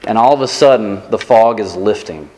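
A man's voice: on the low side, moderate pace. Storytelling male pastor in a reverberant hall. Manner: self-deprecating storytelling, animated. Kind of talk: sermon.

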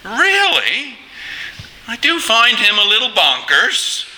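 A man putting on the voices of two prim, overly polite upper-class British gentlemen with a British accent. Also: very high voice, wildly swooping pitch, slow, big-room sound, pitched above the performer's own voice, exaggerated voice, low-quality recording. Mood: genteel. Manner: overly proper, genteel phrasing.

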